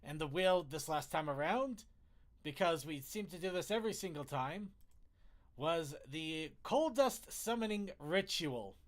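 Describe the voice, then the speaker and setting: A man's voice: a little high, lively intonation, a little slow. A man hosting a casual online panel show, rambling through segments, laughing often and restarting his words. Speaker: podcast host.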